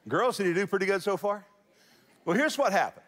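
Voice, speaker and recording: High-ish voiced pastor, folksy jokey sermon, lots of reverb from a huge church room. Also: male voice, expressive, brisk, fairly bright tone. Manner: folksy storytelling with jokes and chuckles. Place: large church auditorium. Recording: big reverberant church hall.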